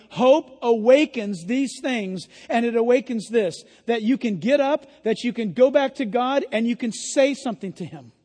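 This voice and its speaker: A man pastor preaching an impassioned sermon, often yelling and emphatic. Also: very high voice, long reverb tail.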